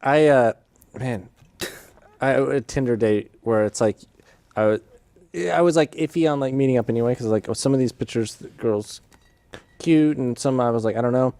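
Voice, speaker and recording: A man's voice: mid-range voice, moderate pace, pauses often, a little mellow, no echo. A man hosting a podcast who tells a casual story in a rambling way. He keeps interrupting himself and laughs at his own story. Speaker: podcast host.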